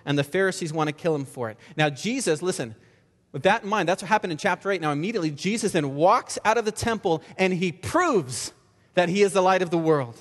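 A man's voice: high voice, lively intonation, a little fast. Preaching man in a reverberant hall. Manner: earnest, repeats words, rhetorical questions. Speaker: pastor. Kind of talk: sermon. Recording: long reverb of a large hall.

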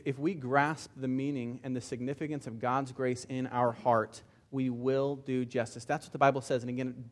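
A man's voice: mid-range voice, a little mellow. A pastor delivering an impassioned sermon, often repeating words as he builds his points. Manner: impassioned preaching with frequent word repeats.

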